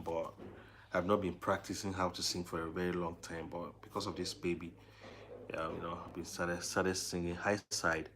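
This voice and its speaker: Slow, low-voiced man. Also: slight background noise. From Nigeria. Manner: soft and coaxing, cooing to a baby between chat. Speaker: new father and vlogger. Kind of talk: casual live vlog.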